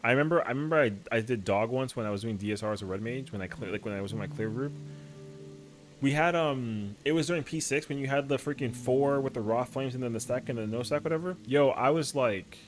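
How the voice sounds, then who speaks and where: A man game streamer in casual stream chat, slangy and animated, saying yo and bro a lot. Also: mid-range voice, fast, soft background music.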